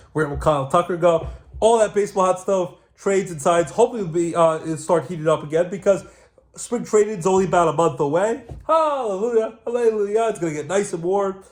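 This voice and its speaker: A man's voice: on the high side, darkish tone. A man hosting a casual solo sports show who rambles from topic to topic with plenty of fillers.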